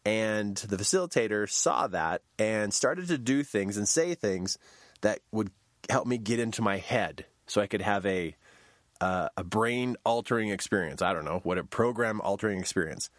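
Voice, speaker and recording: A man telling a personal story in a storytelling talk, shouting quoted lines in a high voice. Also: animated, moderate pace, dry recording, clean studio sound.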